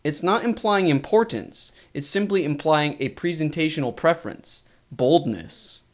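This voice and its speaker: A man teaching web development in a screencast coding lesson, explaining things in a measured way with emphasis on key points. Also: medium pitch.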